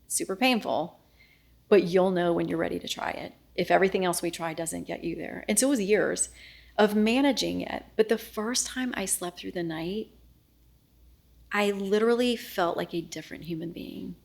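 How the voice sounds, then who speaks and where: A middle-aged woman, a news anchor, telling a personal story in an interview, earnest and often dropping to a hushed voice as she re-enacts what was said. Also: lowish voice, moderate pace, creaky. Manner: earnest, reenacts dialogue, often drops to a hushed voice.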